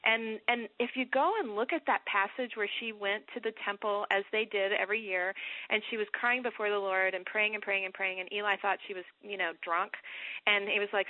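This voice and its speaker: A woman author, a guest on a radio show, teaching from Scripture in a reflective, animated way. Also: fairly high pitch, no room sound. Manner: animated, reflective, quick bursts with laughs. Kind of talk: Bible teaching in an interview. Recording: tinny phone line.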